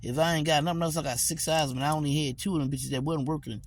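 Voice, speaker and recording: A man's voice: fairly high pitch, steady tone, quick pace, slight background noise. A man ranting in a rambling, repetitive, profane way as a TikTok vlogger, recorded on a phone. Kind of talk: rambling profane rant to camera.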